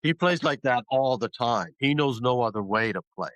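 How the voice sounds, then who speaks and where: A man's voice: medium pitch, lively intonation, moderate pace, a bit bright, no echo, rough recording. A man on a podcast panel giving firm, plain-spoken opinions about football. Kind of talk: casual sports chat.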